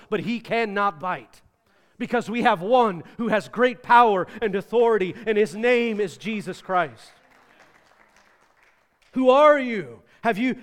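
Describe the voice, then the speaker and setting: A man, a pastor, preaching a sermon emphatically, swinging between loud and soft. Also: high-pitched, smooth. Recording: reverberant hall.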